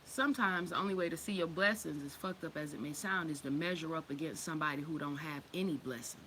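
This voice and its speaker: A woman talks straight into the mic in a loose, unscripted monologue, blunt and full of swearing. Her voice is bright, with a slight edge to it. She laughs easily and slips into other people's voices as she tells things. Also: sits low, fast talker, slight background noise, low-quality recording. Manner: blunt and profane, laughs often, acts out quoted voices. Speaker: host.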